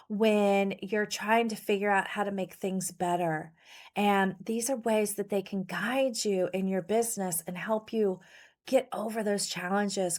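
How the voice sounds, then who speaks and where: A woman hosting a solo podcast, talking earnestly and telling personal stories to coach her listeners. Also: on the high side. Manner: earnest, personal storytelling with occasional laughs. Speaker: podcast host and pet-business coach.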